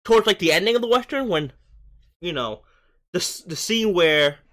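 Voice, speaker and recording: A man co-hosting a podcast, talking over a film in a casual, rambling way, full of "like" and restarts, and often getting excited. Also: high voice, moderate pace. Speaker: podcast co-host. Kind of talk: casual movie-review chat.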